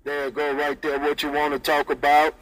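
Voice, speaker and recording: A CB radio operator talks over his handset in a sing-song, repetitive rhythm, repeating call signs and friendly sign-offs. His voice is a little high, monotone, brisk and a bit bright. The recording is rough.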